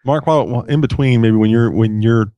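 Male podcast host, self-deprecating rambler, mid-pitch, dry close sound. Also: fairly quick, mellow, no echo, dull audio. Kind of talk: casual podcast chat.

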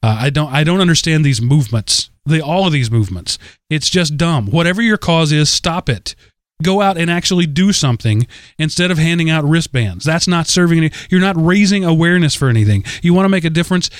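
A man co-hosting a relaxed comedy chat, ranting with strong opinions. His voice sits a little high and sounds dry and close to the mic. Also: fairly quick, no echo. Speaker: podcast co-host.

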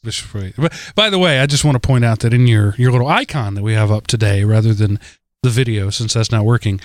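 A man's voice: fairly low pitch, fairly quick, no echo, studio quality. A man hosting a podcast in casual chat, teasing and wordy. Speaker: podcast host.

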